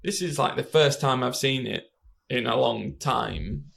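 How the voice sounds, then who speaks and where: A British man with a gravelly, fry-laden voice chatting about an old film on a podcast. He rambles and tells stories, with lots of fillers along the way. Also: medium pitch, measured pace, a bit bright. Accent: British English. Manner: rambling, storytelling, many fillers. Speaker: podcast co-host. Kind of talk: casual film review chat.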